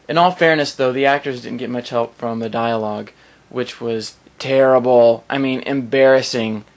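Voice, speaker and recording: A man's voice: medium pitch, steady tone, moderate pace. A man giving a casual spoken film review in a sarcastic, rambling, mocking way.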